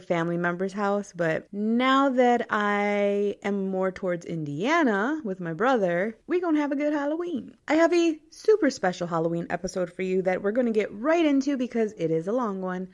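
A woman's voice: medium pitch, expressive, moderate pace, highs cut off. A woman in her thirties with a Midwestern American accent, hosting a podcast in casual chat and laughing often. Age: 30s. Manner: chatty, laughs often, mixes Spanish phrases. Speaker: podcast host.

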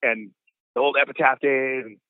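A man's voice: mid-range voice, fairly even intonation, moderate pace, no echo. Chill 40s guy, says dude a lot, sounds like a phone line, dry. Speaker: guest, punk band singer. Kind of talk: casual storytelling chat.

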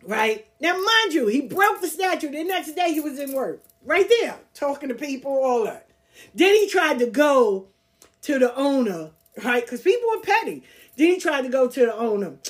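A woman's voice: high voice, big pitch swings, normal speed. A woman hosting a podcast, telling stories casually in a blunt, profane, streetwise way and laughing as she goes. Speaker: podcast host. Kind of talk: casual storytelling.

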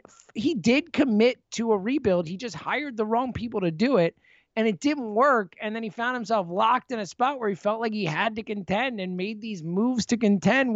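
A man co-hosting a casual sports talk show, ranting with animated frustration and frequent restarts. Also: very high voice, dry recording, dull audio. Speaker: sports podcast co-host.

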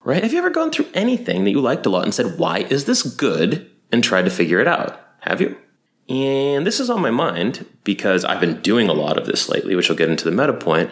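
A man hosting his own podcast, talking casually in an animated, rambling way with lots of fillers. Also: medium pitch, fairly quick. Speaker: podcast host and co-founder. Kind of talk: casual solo podcast talk.

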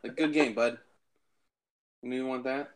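A man's voice: mid-range voice, fairly even intonation, slow pace. Giggly man hosting a tabletop podcast. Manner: laughs often, hesitant with many ums. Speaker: podcast host and player. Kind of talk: casual banter among friends.

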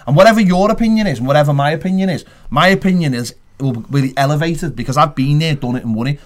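A man's voice: fairly high pitch, fast talker, few pauses. A man co-hosting a football podcast in casual chat, emphatic and rambling, acting out quotes as he goes. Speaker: podcast co-host.

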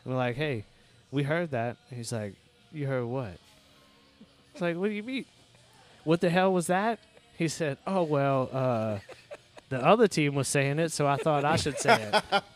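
A man's voice: fairly high pitch, expressive, normal speed, long pauses, soft background music. A man tells stories about his kids on a casual podcast. He swears freely and keeps things loose and joking. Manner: profane storytelling, loose and joking. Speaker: podcast host, father.

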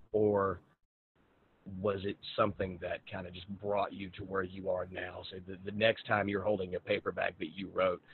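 A man with a very low voice hosts a podcast, chatting frankly and easily with a guest. His voice comes through a thin, phone-like line. A faint hiss sits underneath. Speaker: podcast host. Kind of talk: casual conversational interview.

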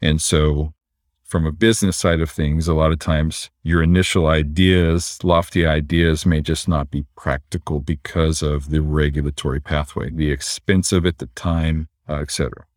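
A man, a physician and entrepreneur, explaining things in a relaxed conversational way and often tagging his points with "right?". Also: extremely low pitch, normal speed, no room sound, studio quality. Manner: relaxed, explanatory, frequent "right?" tag questions.

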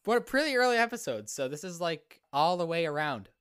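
A man's voice: on the high side, sing-song, fairly quick, a bit bright, clear, resonant tone, no echo, studio quality. Joking young man hosting a podcast. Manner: joking, self-deprecating, rambling with restarts. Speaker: podcast host. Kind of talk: casual chat.

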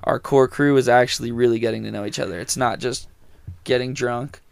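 A man's voice: mid-range voice, fairly even intonation, brisk, vocal fry, clear, resonant tone, dry recording. A young man co-hosting a casual podcast chat at a campsite, laid-back and swearing casually. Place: camper van at a campsite.

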